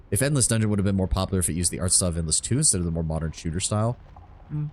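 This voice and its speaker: A man's voice: deep voice, expressive, very fast, darkish tone. A man giving casual, rambling live commentary while streaming a game, thinking aloud and swearing freely.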